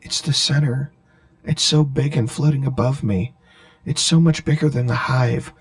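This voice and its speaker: A man voicing a dead brother, quiet but rabid, growling each word with hate. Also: mid-range voice, steady tone, moderate pace, no echo, natural voice. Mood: awed, frightened. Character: dead boy's voice, bitter and hateful, afraid.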